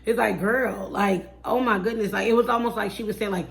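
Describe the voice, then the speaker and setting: A woman talks through a reality TV episode in a relaxed, unscripted vlog. Her delivery is blunt and sassy. She flares into animated outbursts and slips into mocking impressions of the people she discusses. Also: medium pitch, fairly quick, creaky, hardly any pauses. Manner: mimics people in mocking voices. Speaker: reality TV reviewer. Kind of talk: casual review chat.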